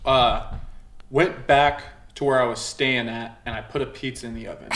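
A man's voice: medium pitch, steady tone, moderate pace, fairly bright tone. Laid-back young man in an echoey room. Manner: laid-back, profane, trailing off. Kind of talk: casual chat among friends. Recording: roomy mic with faint noise.

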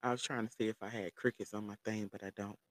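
A man telling a long personal story to his viewers in a loose, animated, profane way, laughing as he goes. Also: lowish voice, fast, no room sound. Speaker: vlogger. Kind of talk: casual storytelling.

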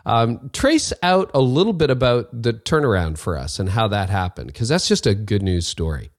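A man's voice: on the low side, very animated, normal speed, no room sound, clean studio sound. A middle-aged man hosting a podcast, chatty and upbeat, with frequent fillers. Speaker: podcast host. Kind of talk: podcast ad read and interview. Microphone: video call.

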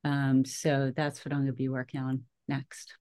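A woman in her fifties, a guest on a podcast, telling her story in a lively, chatty way with frequent laughs. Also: extremely low pitch, moderate pace. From Philadelphia area. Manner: animated storyteller, laughs often, acts out her own quotes. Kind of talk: casual conversational interview.

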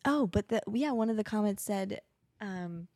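Recorded with studio-quality audio and no room sound, a woman co-hosts a casual podcast from her home as children are around. Her mid-range voice is animated and a little mellow at normal speed, and as a mother she rambles, fills gaps with fillers, and laughs frequently.

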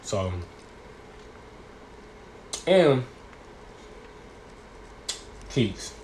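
Young male vlogger from New York, laid-back and rambling, slangy delivery, mid-pitched voice, faint noise underneath. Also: sing-song, extremely slow, darkish tone. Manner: loose, rambling, slangy talk with laughs. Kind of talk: casual chat.

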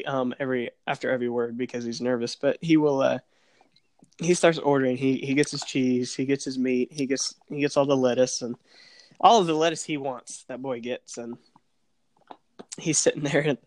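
Young man telling a story, laughing. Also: mid-range voice. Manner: animated, laughing, acts out voices in his stories. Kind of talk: casual storytelling chat.

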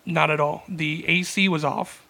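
Gravelly man telling a story. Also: on the high side, steady tone, normal speed, pushed and bright. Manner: rambling, laid-back storytelling with many fillers. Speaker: podcast co-host. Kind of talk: casual storytelling chat.

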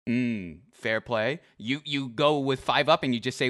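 A man's voice: on the high side, normal speed, very noisy. A man in his twenties hosting a casual chat, teasing his guest and reading messages aloud with mock drama. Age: 20s. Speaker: host.

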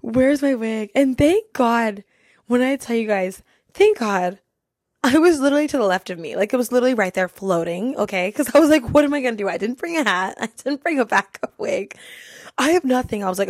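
A woman's voice: on the high side, lively intonation, a little fast, no echo, studio quality. A young woman hosting a podcast, telling a funny story casually and laughing through it. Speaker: podcast host.

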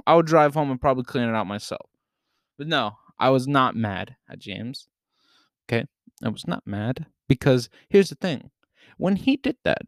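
Profane, animated young man telling a story. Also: mid-range voice, no room sound, studio quality. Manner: profane, animated, shouts in retold lines. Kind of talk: casual storytelling.

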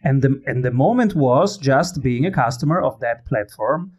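A man's voice: mid-range voice, lively intonation, moderate pace, a little mellow. A man from Italy, hosting a casual interview in a conversational way, with slightly phrasing. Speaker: podcast host.

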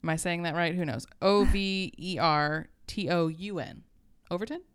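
A young woman telling a story on a podcast in a casual, joking way, with offhand swearing. Her voice sits low and sounds smooth. The recording is dry and close. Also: steady tone, moderate pace, dry recording. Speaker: podcast co-host. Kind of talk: casual chat.

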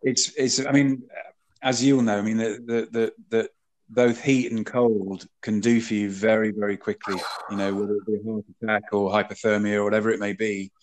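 Low-voiced man hosting a podcast. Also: level tone, a little fast, poor audio. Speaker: podcast host. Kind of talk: casual podcast interview.

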